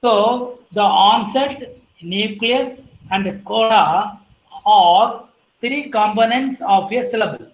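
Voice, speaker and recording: A woman giving an academic lecture, listing terms one by one and clearing her throat now and then. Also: medium pitch, slow, reverberant, narrow, tinny audio.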